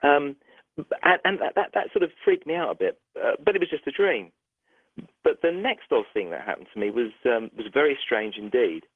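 A middle-aged man, a doctor, telling a story in a phone interview, animated and restarting sentences often. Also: mid-range voice, brisk, husky, dry recording. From United Kingdom. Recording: tinny dry phone line.

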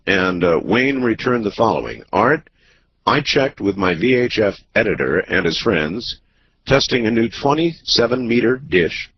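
A man hosting a radio talk show, speaking in a measured, drawn-out way with many pauses. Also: fairly low pitch. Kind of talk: late-night radio talk. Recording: muffled broadcast audio with faint hiss.

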